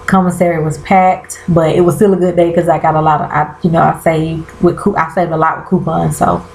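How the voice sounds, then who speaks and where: A woman's voice: low voice, flat delivery, brisk, vocal fry, darkish tone, roomy sound, poor audio. A woman chatting casually to her viewers, calling them y'all and exclaiming as she recaps a TV episode. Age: 30s. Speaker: vlogger. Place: bedroom at home.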